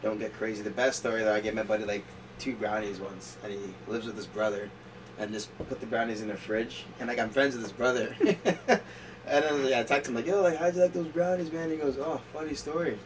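A man's voice: lowish voice, fairly even intonation, fairly quick, far from the mic. A man telling stories in casual chat, rambling with lots of "like" and frequent laughter. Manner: rambling storyteller, laughs often, says "like" a lot. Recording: noisy room, voice a bit off-mic.

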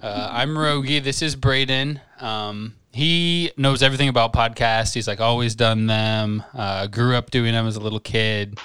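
A young man co-hosting a casual comedy podcast, joking and self-mocking with quick asides. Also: medium pitch, a bit bright, clear, resonant tone, dry recording. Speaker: podcast co-host.

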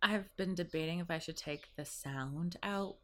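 A woman's voice: fairly low pitch, normal speed, slight background noise. A woman from Canada, hosting a podcast in a rambling, profane, casual chat and laughing at her own jokes. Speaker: podcast host.

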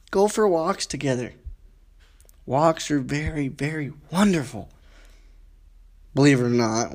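A man hosting a casual self-help podcast, rambling through a numbered list with lots of "you know" and restarts. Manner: rambling, repeats words, frequent "you know"; wide swings in pitch, drops low and quiet at asides. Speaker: podcast host.

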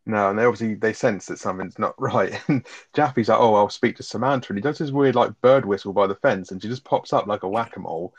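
A man rattles quickly through film scenes in casual podcast chat, swearing freely. His voice sits a little low, and the recording is dull, lo-fi and dry. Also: husky, no echo. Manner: sweary, animated retelling of scenes. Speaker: podcast co-host reviewing a film.

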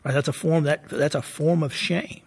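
A man with a Southern US accent talks through scripture in a relaxed Bible study chat. His voice is gravelly and a little husky, and he sits a bit high for a man. He keeps checking in with "right?" and laughs easily. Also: normal speed. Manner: conversational, often tags "right?" and laughs easily. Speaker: co-host of a Bible study podcast. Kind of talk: casual Bible study discussion.

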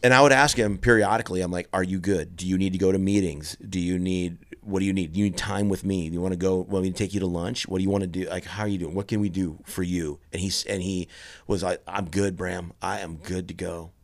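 A middle-aged man telling a personal story in an earnest, halting way, often restarting his sentences. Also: sits low, fairly even intonation, no room sound. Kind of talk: candid conversational storytelling.

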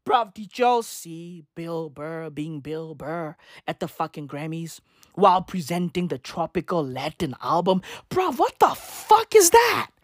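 A woman's voice: big pitch swings, unhurried, no echo, studio quality. A woman vlogger delivering a profane, mocking comedic rant to camera. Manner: profane, mocking, with exaggerated pitch swings.

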